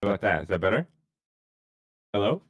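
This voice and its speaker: A man's voice: on the low side, very animated, fairly quick, no room sound, dull audio. A man hosting a sports betting livestream, chatting loosely and joking with his co-host and chat.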